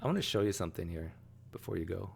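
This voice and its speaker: A man hosting a casual discussion, animated and halting, often restarting sentences. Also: sits low, creaky, slight background noise. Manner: animated, rises sharply when pressing a point; halting, frequent restarts and fillers. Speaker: host.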